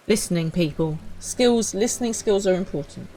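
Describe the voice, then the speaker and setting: A woman chats while streaming a game live, full of wry jokes at her own expense. Her pitch jumps around in a lively way, and faint music plays behind her. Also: moderate pace, gravelly, poor audio. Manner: chatty, self-mocking asides.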